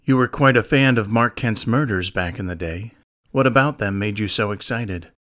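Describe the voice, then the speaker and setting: A man's voice: lowish voice, moderate pace, fairly bright tone, natural voice. A man voicing a guarded male investigator who asks blunt, probing questions. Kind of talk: audiobook character reading.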